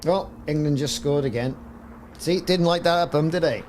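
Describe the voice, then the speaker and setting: A man's voice: fairly high pitch, normal speed, darkish tone, a little hiss or hum. Chatty Welsh man streaming a game. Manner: chatty, jokey banter with mock sports commentary asides. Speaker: gaming livestream host. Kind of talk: casual live-stream chat.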